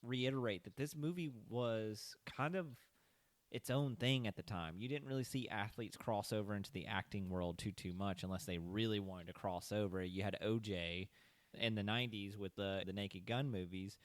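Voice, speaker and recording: A man's voice: lowish voice, moderate pace, no room sound. A young man hosting a podcast in casual movie-review chat, retelling the plot at length with loose asides and casual swearing. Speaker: podcast host.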